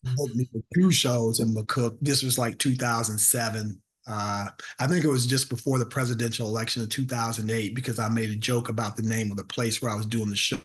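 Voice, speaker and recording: A man's voice: mid-range voice, a little fast, few pauses. A man, a comedian, telling a self-deprecating story in conversation and acting out the voices of the people in it. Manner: animated, acts out voices of people in his stories. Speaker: comedian guest.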